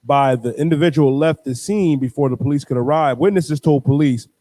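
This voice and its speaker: A man reading a news article aloud as co-host, in a flat, halting way. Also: fairly high pitch, no echo.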